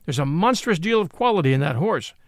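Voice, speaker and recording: A man's voice: a little high, animated, brisk, dry recording, clean studio sound. A man voicing a persuasive horse salesman bargaining at a fair, in a storybook reading.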